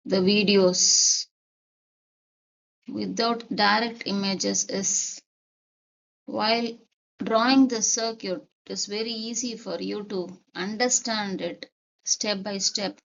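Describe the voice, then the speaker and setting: A woman lectures in a measured, step-by-step way, going back over each key point to be sure it lands. Her voice has a gravelly, creaky edge. The recording sounds muffled and lo-fi. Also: medium pitch, steady tone, fairly bright tone. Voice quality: repeats key points deliberately. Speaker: teacher.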